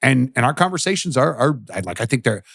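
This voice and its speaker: A man in his forties with a weathered, raspy voice from smoking and drinking, co-hosting a casual chat podcast and talking bluntly with plenty of swearing. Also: mid-range voice, sing-song, quick pace, fairly bright tone, dry recording, clean studio sound. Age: 40s. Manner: blunt, swearing, repeats words when starting. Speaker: podcast co-host.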